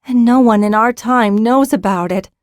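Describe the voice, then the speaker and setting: In an audiobook, a woman voices a confident, playful young woman who fights with a sword, pitching her voice above her natural register and acting it lightly. The delivery is fairly high and at normal speed, recorded dry with studio quality.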